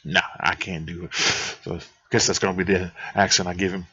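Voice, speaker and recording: A man's voice: deep voice, little pitch movement, brisk, bright, forceful tone, husky, dry recording. A man giving offhand, self-deprecating commentary while playing a video game. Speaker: gameplay commentator. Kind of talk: casual let's-play commentary. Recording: dull dry lo-fi mic.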